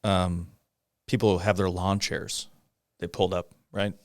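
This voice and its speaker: Low-voiced man telling a hard story. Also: flat delivery, no echo, clean studio sound. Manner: halting, full of pauses and fillers, with rueful laughs. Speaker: guest, police officer. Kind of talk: conversational storytelling in a podcast interview.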